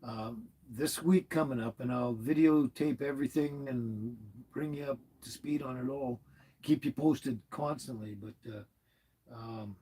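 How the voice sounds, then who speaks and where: Husky rambling man chatting live. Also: medium pitch, a little slow, rough recording. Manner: rambling, chuckling, warmly chatty. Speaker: livestream host reading chat. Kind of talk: casual live-stream chat.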